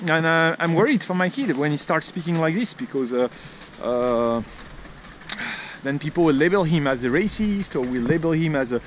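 French guy rambling on a street vlog, highish voice, loud traffic behind. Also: lively intonation, moderate pace. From France. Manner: chatty, rambling, many fillers. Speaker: vlogger. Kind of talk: casual walking vlog. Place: outdoors on a town street. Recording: outdoor street traffic noise.

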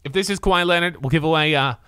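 Excitable bright-voiced male streamer. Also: a little high, rapid-fire, clear, resonant tone, dry recording, studio quality. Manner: loud, excitable, swears, talks to chat. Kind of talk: excited live-stream chatter.

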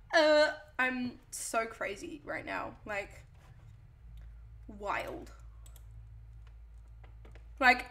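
A playful woman streamer with a high, bright voice. She chats casually, reads her viewers' messages aloud and answers them one by one. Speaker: live streamer. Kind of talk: casual live-stream chat.

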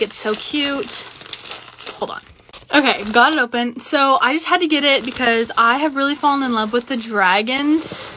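A woman's voice: sits high, pushed and bright, a little hiss or hum, rough recording. A woman chatting and gushing as she opens a package. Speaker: unboxing video creator. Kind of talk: casual unboxing chat.

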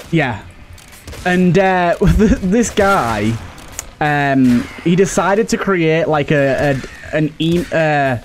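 A young man with a British accent tells a rambling story while playing a game, laughing under his breath, restarting sentences and swearing freely. His voice sits a little high for a man, and a faint hiss lies under the talk. Loose, casual commentary. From United Kingdom. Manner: rambling, chuckling often, lots of fillers and swearing. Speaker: let's play host.

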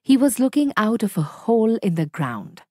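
A woman reading a children's story aloud in a slow, clear and expressive narration, recorded on a close mic. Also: a little high, no room sound.

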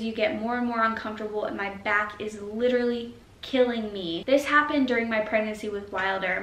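A woman's voice: medium pitch, a bit bright. Chatty young pregnant woman vlogging. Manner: chatty and emotional, says y'all. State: pregnant, winded and uncomfortable. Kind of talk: casual pregnancy update vlog. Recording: echoey room with faint noise.

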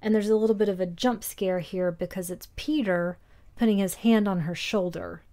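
Woman co-host, mid-pitched, easygoing film-chat voice, walks through scenes step by step. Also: normal speed, mellow. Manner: recaps scenes in detail, laughs easily. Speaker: podcast co-host. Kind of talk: casual film discussion.

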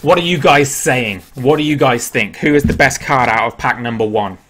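An Englishman hosting a live stream, talking in a loose, chatty way at an ordinary middle pitch. He answers viewers' questions aloud as he goes and laughs easily at himself. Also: normal speed, fairly bright tone, slight background noise. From England. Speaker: livestream host. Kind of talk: casual live-stream chat.

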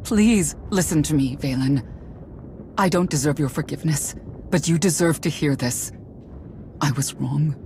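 A woman's voice: deep voice, unhurried, long pauses, mellow, a little hiss or hum. A remorseful, pleading mother. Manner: earnest, pleading. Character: remorseful mother, a warrior full of regret. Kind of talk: video game dialogue.

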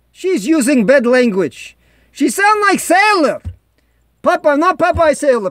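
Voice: high-pitched, fairly bright tone, no room sound, full character voice. A performer putting on a Russian-accented home vlogger who rambles in broken English, making jokey asides. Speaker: vlog host. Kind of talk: comedic home vlog monologue.

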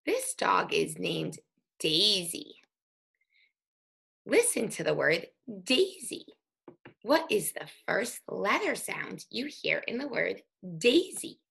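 A woman teaching an early reading lesson, speaking slowly and sounding out letters for young children. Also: mid-range voice, big pitch swings, vocal fry, a bit bright, breathy edge. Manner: slow, sing-song, sounding out letters.

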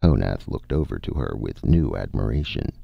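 Brief: male audiobook narrator, very deep voice, lively intonation, dry dull recording. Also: creaky, breathy edge, no echo. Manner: measured storytelling read. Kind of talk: scripted narration.

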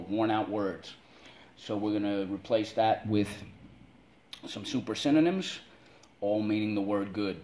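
Energetic low-voiced man teaching spelling. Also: slight background noise. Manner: energetic call-and-response drilling, stretches words slowly. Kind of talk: classroom spelling lesson.

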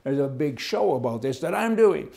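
A man's voice: fairly high pitch, animated, moderate pace, creaky, mellow. A man giving a blunt, rambling, opinionated monologue as a political commentator. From Canada. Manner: blunt, rambling, chuckles at his own points.

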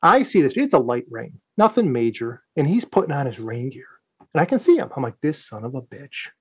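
Man, from the United States, podcast storyteller, profane, acts out his own lines, lively swooping voice, dry close sound. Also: medium pitch, a little fast, breathy edge, dry recording. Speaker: guest, Navy veteran.

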